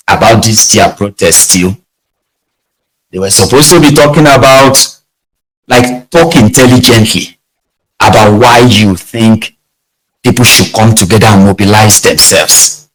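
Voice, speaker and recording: A man's voice: lowish voice, rough recording. A man with a Nigerian accent giving emphatic opinion commentary and stressing his points. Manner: animated, emphatic, ends points with "oh". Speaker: online commentator.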